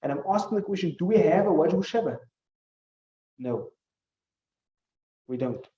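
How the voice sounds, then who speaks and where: A man's voice: a little high, lively intonation, moderate pace, mellow, reverberant, recorded from a distance, dull audio. A male teacher gives a classroom lecture, explaining with examples and putting questions to his students.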